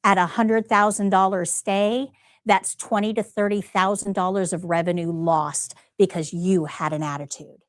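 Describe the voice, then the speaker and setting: A woman's voice: medium pitch, fairly even intonation, normal speed, no room sound, clean studio sound. A woman instructor leading a live nursing-assistant test prep class, emphatic and direct, often asking the students questions. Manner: emphatic, talks straight to students with rhetorical questions.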